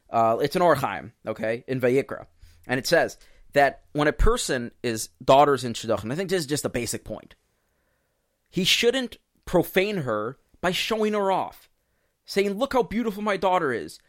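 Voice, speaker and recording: A man co-hosting a religious discussion podcast, explaining points in a lively way and acting out quoted speakers. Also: fairly high pitch, no echo, clean studio sound. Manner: animated, explains with quoted voices. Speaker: podcast co-host.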